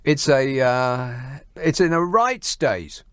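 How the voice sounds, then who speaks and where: A man's voice: medium pitch, big pitch swings, takes it slowly, fairly bright tone, clear, resonant tone, no room sound. A man hosting a late-night radio phone-in, dry and teasing as he takes calls. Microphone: studio mic.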